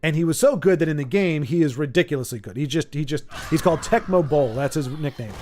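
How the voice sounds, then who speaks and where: A man's voice: on the high side, animated, fast talker, darkish tone, a little hiss or hum. A man streaming a card game playtest, chatting in a playful, rambling way and laughing easily. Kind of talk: casual chat while playtesting a card game.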